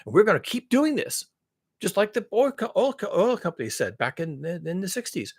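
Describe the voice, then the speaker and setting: A man with a husky, slightly high voice rants sarcastically, his pitch leaping about wildly. He swears freely and swings between loud mocking outbursts and low mutters. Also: very animated, fairly quick. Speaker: commentary channel host. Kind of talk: sarcastic rant monologue.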